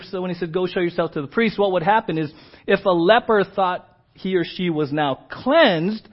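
A man preaching a sermon as a pastor, engaging the listeners with frequent rhetorical "right?" and dramatic emphasis. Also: high-pitched. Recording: dull lo-fi church audio.

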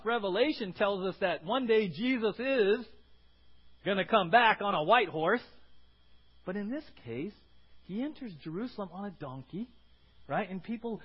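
High-voiced man preaching a lively sermon. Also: husky. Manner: animated, keeps asking "right?", bursts into acted shouts. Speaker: pastor. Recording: muffled lo-fi sermon recording.

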